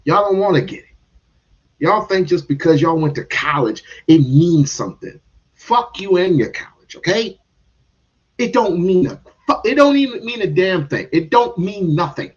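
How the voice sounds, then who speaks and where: A man's voice: high voice, animated, normal speed, husky, lo-fi sound. A man giving heated, casual commentary on a stream, restarting and repeating words as he goes.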